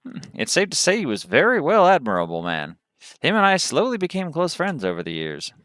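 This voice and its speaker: Man putting on a cowboy drawl, earnest game quest-giver, bright crisp tone, dry close sound. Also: a little high, huge pitch swings, a little fast, no room sound, pitched above the performer's own voice. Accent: cowboy drawl, put on. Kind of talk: reading game dialogue aloud.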